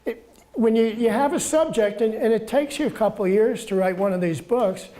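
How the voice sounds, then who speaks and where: A man in his seventies with a soft voice, telling stories in a halting, casual way as a guest author. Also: high voice. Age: 70s. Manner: halting, repeats words, chuckles through stories. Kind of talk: casual storytelling talk.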